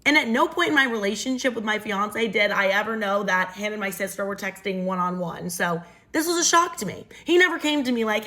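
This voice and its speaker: A woman's voice: medium pitch, fairly quick, few pauses, bright, forceful tone. A young adult woman casually retelling a dramatic personal story in first person, storytime style. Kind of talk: storytime narration.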